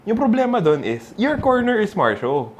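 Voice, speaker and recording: A Filipino man analyzes basketball on a casual talk show. His voice sits somewhat high and rises and falls a great deal. He moves between English and Tagalog as he talks. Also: very animated, normal speed. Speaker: podcast co-host.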